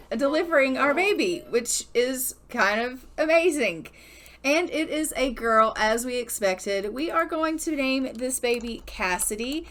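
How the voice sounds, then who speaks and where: A woman's voice: sits high, a bit bright. A young adult woman giving casual, chatty commentary as she plays a life-simulation game. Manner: chatty, storytelling, upbeat. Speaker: gaming YouTuber.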